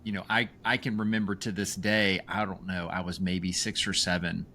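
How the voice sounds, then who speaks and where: Low-voiced earnest male podcast host. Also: level tone, moderate pace, bright, forceful tone, slight background noise. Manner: earnest, reflective, with a few restarts. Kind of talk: casual conversation.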